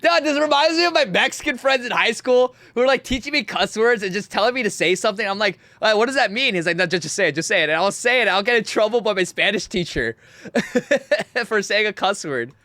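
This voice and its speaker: A young man hosting a livestream, reacting to clips in an animated, mocking way, talking to his chat and laughing often. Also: high-pitched, a little fast, vocal fry. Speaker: livestream host.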